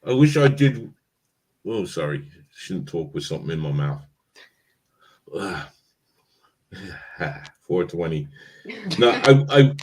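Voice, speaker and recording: A male host talks in a relaxed, casual way about a film he once edited. His voice is very deep and sits low throughout. A faint hiss runs behind him. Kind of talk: casual chat.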